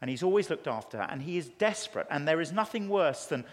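English man, preacher, lively storytelling sermon, slightly high voice, long hall reverb. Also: fast talker. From England. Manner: animated, storytelling with acted quotes. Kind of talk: conference sermon. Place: large conference hall.

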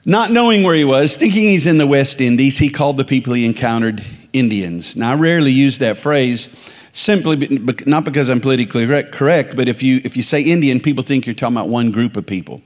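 A man's voice: mid-range voice, fast talker. A man from the Dakotas preaching as a guest speaker, emphatic and calling on the congregation to repeat phrases after him. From Dakotas, United States. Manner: emphatic, calls for congregation responses. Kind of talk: sermon. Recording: long reverb of a large hall.

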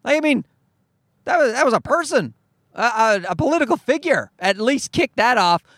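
A man's voice: very high-pitched, animated, moderate pace, fairly bright tone, no room sound, studio quality. A man hosting a solo podcast, ranting in an exasperated, profane and rambling way. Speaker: podcast host. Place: recorded at home at night.

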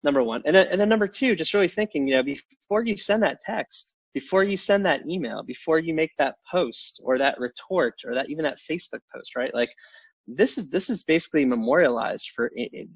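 A man's voice: a little high, expressive, slightly rough, no echo, lo-fi sound. A man speaking as a podcast guest in casual chat, stumbling over restarts and fillers. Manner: halting, many restarts and fillers.

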